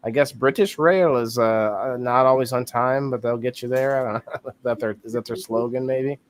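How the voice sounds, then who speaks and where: Male host in his thirties, rambling casual stream chat, mid pitch, easygoing. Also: little pitch movement, normal speed. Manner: rambling, thinking aloud, laughs easily. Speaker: host of a live-stream talk show.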